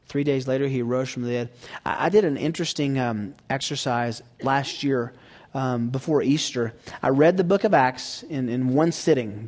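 A man preaching a sermon, swinging from hushed near-whispers to loud emphatic peaks and asking the audience rhetorical questions. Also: medium pitch.

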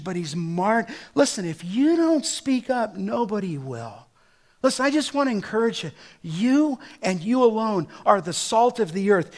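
High-voiced man preaching emphatically. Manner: emphatic preaching with rising exhortations and storytelling asides. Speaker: pastor. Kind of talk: sermon.

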